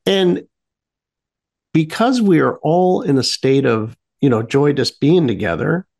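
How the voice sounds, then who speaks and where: Gravelly, lively man telling a story. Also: a little high, a little slow. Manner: rambling, many fillers and restarts; animated when telling the fun parts. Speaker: radio show guest. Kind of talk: casual storytelling.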